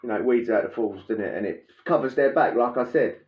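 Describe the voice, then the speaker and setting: A man telling a prison story in a casual, animated way, laughing and acting out the scene with sound effects. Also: mid-range voice, fast talker. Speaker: podcast host telling prison stories. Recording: roomy, dull lo-fi sound.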